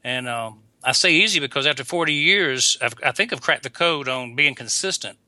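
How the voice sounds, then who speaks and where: Older man, bright forceful voice, folksy guest, dry close sound. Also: medium pitch, animated, no room sound. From Atlanta, Georgia. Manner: folksy, unhurried, with frequent restarts. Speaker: guest dentist and coach. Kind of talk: casual interview talk. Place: visiting abroad, remote call.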